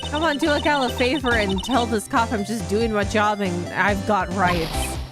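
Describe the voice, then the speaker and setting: A woman's voice: mid-range voice, normal speed, natural voice. A woman voicing a brash, nosy female tabloid reporter in a video game, drawling in a put-on American Southern accent, with game music behind. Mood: excited. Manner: pushy, cocky, drawling.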